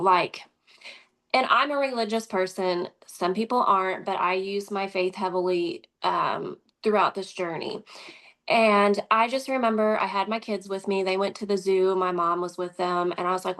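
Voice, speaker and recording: A woman, speaking as an interview guest and telling a personal story in a conversational, animated way, acting out quoted dialogue. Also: mid-range voice.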